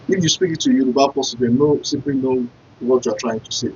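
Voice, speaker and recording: A man's voice: medium pitch, fairly even intonation, fast, darkish tone, a little hiss or hum. A man giving a casual spoken lesson, patiently repeating and spelling out words and encouraging his viewers. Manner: encouraging, addresses viewers directly. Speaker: language teacher. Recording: dull lo-fi sound.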